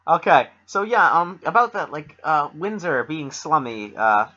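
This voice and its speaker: Bright-voiced rambling young man. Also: a little high, sing-song, measured pace, muffled recording. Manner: rambling, full of fillers and restarts, joking. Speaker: podcast co-host. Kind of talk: rambling casual chat.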